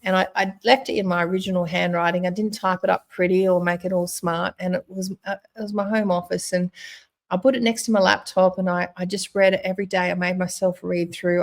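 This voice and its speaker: Woman, middle-aged, gravelly voice, earnest motivational talk, frequent restarts. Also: on the low side, little pitch movement, brisk. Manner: earnest, repetitive, with fillers and restarts. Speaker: host. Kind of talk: motivational monologue.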